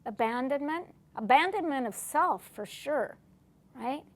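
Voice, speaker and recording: Middle-aged woman lecturer, slightly high voice, conversational teaching style that poses questions to the room. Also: lively intonation, measured pace. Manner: asks the audience questions, acts out short dialogues. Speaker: lecturer on family recovery. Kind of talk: classroom lecture.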